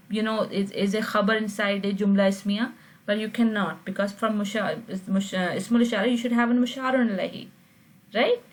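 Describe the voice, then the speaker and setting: A woman's voice: mid-range voice, rough recording. A woman teaching an online grammar class, explaining patiently and often checking with her students. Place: video call.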